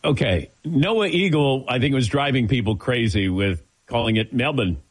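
A man's voice: mid-range voice, moderate pace. A man hosting a sports radio talk show, joking with his crew between segments. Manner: lively, joking, sets up segments.

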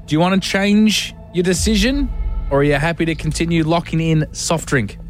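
Cheeky Australian radio host. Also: male voice, on the high side, moderate pace, faint music behind. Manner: cheeky, joking banter. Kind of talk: radio phone-in game.

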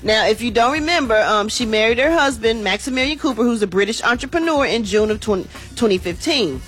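A chatty woman delivers the entertainment news on morning radio in a slightly high voice, loose and slangy as she talks to her listeners. Faint music plays underneath. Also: animated, a little fast, fairly bright tone.

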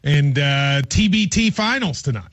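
A man's voice: fairly high pitch, animated, moderate pace, fairly bright tone, dry recording. A man co-hosting a sports radio show who teaches law, explaining at length with joking asides. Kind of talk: casual sports radio chat.

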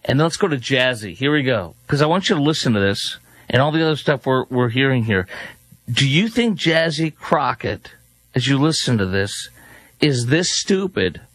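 A man's voice: mid-range voice, very animated, normal speed, a bit bright, dry recording. Male commentary host, sarcastic, scornful, dry close mic. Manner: scornful, sarcastic, talks over clips. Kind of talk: opinionated news commentary.

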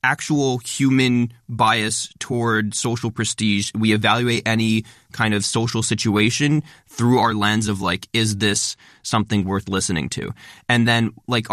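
Fast-talking man explaining ideas. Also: lowish voice, a bit bright, no room sound, clean studio sound. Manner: fast-talking, explanatory, stresses many words. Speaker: guest, content creator. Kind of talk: conversational interview.

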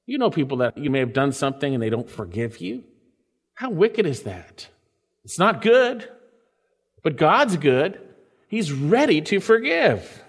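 A man preaching a sermon, reading scripture slowly and swinging his voice up and down for emphasis. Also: very animated, husky, long reverb tail. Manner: preaching with sweeping pitch swings and drawn-out scripture lines. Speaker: pastor.

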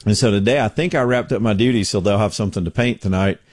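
A man's voice: on the low side, fast talker, darkish tone, no echo. A middle-aged man hosting a talk show from his home studio, telling stories in a folksy, joking way. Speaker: radio show host. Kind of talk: casual talk show chat.

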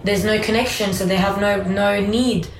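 A woman's voice: mid-range voice, steady tone, moderate pace. Woman co-host in an echoey room. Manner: agreeing and summing up in short phrases. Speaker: co-host and parent. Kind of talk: casual chat. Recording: echoey room with faint background noise.

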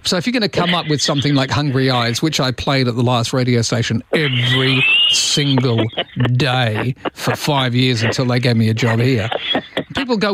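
A man's voice: medium pitch, moderate pace, heavy background noise. A middle-aged Australian man hosting an overnight radio show, chatting and joking with callers in a self-mocking way. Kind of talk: late-night radio chat with callers. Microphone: studio microphone.

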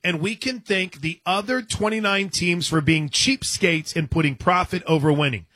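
A man's voice: high-pitched, moderate pace, sharp tone, dry recording. A man hosting a sports radio show, talking casually and reading listener messages from a studio microphone. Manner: rambling, reads listener messages.

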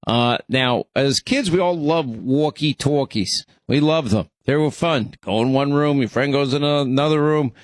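A man with a New York accent hosts talk radio from a studio. He talks fast and teasing, bantering with his co-host. The sound is dry and close, with no room echo. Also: mid-range voice. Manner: quick, joking, teasing. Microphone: studio microphone.

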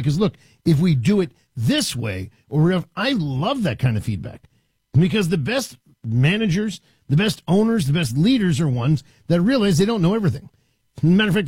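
Man in his fifties, husky voice, lively pitch, dry close sound, radio host giving career advice. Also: dry recording. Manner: storytelling, animated, acts out quotes. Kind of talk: casual advice talk.

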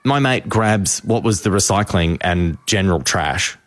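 Lively man telling a story. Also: low-pitched, a little slow, no echo. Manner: animated storyteller, acts out voices. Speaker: radio host. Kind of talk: casual radio chat.

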